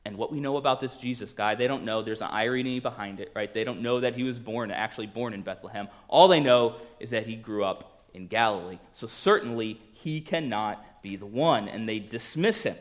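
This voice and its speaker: A man preaching a sermon, animated, dropping to hushed tones for emphasis and acting out quoted voices. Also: fairly low pitch, a little fast, hardly any pauses. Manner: animated, swings between loud emphasis and hushed lines. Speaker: pastor.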